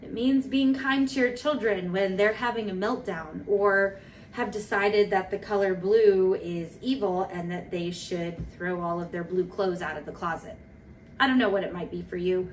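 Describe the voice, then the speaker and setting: A woman in her thirties giving a casual devotional talk as a church leader, animated and playful, with quick asides. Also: medium pitch. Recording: recorded from a distance with faint noise.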